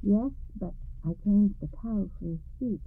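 A contented old farmer speaks without a care in the world, voiced by a woman reading a storybook. The voice is gravelly and comes over a tinny, lo-fi radio line. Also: medium pitch, unhurried. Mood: easygoing. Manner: easygoing, unbothered.

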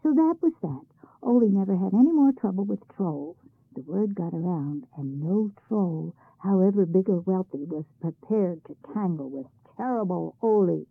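A woman reads a folk tale aloud with lively expression. Her voice is husky and gravelly, and the recording is dry and tinny, like a phone line. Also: mid-range voice, normal speed. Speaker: storyteller. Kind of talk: scripted narration of a folk tale. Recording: tinny phone-like band-limited sound.

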